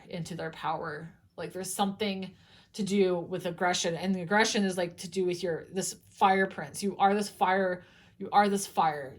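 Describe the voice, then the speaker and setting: A young woman giving a casual tarot reading, chatty and loose, swearing freely and restarting her sentences often. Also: medium pitch. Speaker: tarot reader.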